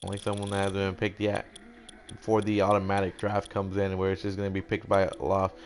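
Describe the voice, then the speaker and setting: Low-pitched and brisk, a young man commentates a video game draft with slight background noise behind him. As a gaming commentator he keeps things casual and playful, animatedly voicing brands in quotes, acting out how the teams react, and swearing casually.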